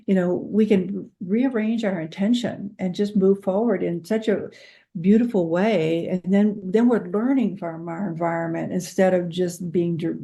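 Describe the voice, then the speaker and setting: A woman guest on a radio talk show who speaks about meditation, gentle and encouraging, often laughing. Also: medium pitch. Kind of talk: interview chat, storytelling.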